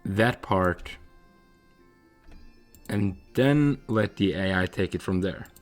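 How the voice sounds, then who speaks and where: A man playing a text adventure game, reading the story out and musing over his choices with hesitant pauses. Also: deep voice, soft background music. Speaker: player narrating a text adventure. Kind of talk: reading and thinking aloud.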